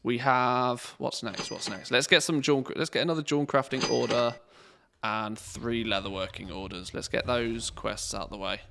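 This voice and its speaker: A man in the middle of a live game stream, talking half to himself as he works through his to-do list. His voice has a gravelly fry to it, sitting at an ordinary male pitch. The delivery is relaxed and unhurried. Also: background noise. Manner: thinks aloud, rambling and relaxed. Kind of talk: casual live-stream commentary.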